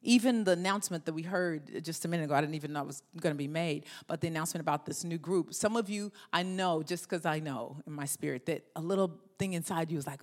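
Animated woman preaching a sermon. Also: low voice, fast, hardly any pauses. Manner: animated, acts out inner voices, leads call-and-response. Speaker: pastor.

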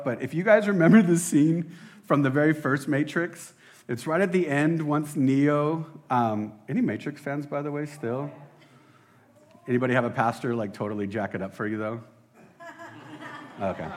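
A man preaching a casual sermon as a pastor, excitable and rambling, often laughing at himself. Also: mid-range voice. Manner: excitable, rambling, self-deprecating.

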